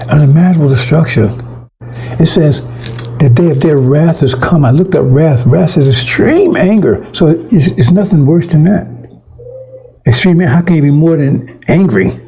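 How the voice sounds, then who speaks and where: A man's voice: on the high side, vocal fry, warm tone, husky, rough recording. A man preaching an improvised online sermon into his computer microphone, blunt and rambling, with frequent profanity and chuckles.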